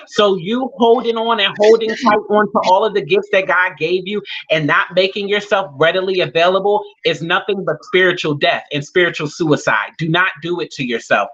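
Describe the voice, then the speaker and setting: Woman guest, preacher cadence, bright and forceful, repeats for emphasis; muffled lo-fi video-call audio. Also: fairly low pitch, normal speed, few pauses. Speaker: guest speaker. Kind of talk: preaching-style talk in an online interview.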